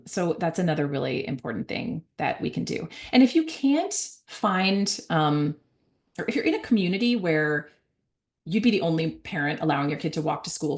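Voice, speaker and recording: A middle-aged woman speaks in a low voice with a gravelly, creaky texture. She gives a conversational talk as an author, with frequent fillers and self-corrections. Now and then she slips into higher voices to act out a parent or a child.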